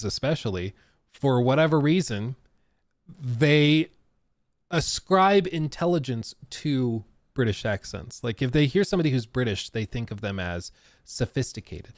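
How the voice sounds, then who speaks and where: A man chats casually on a gaming livestream, rambling and laughing as he answers chat. His voice is mid-pitched and recorded close and dry. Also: animated, measured pace, no echo. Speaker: gaming streamer.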